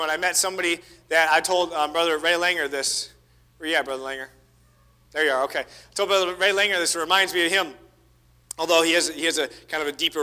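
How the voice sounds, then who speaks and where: High, bright-voiced fervent male preacher. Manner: fervent, swings between loud exhortation and hushed asides. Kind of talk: sermon. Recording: reverberant church hall.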